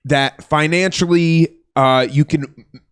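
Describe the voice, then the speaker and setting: A man co-hosting a comedy podcast, enthusiastic and swearing, quick to laugh as he talks. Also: on the high side, fairly even intonation, a bit bright, clear, resonant tone. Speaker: podcast co-host. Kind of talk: casual podcast chat.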